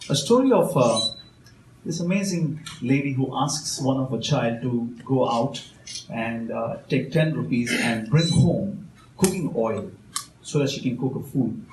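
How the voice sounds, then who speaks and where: A man, a motivational speaker telling a story to an audience with slow, emphatic phrasing. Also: mid-range voice, expressive, darkish tone. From India. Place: event hall at a consulate. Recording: roomy hall with faint background noise.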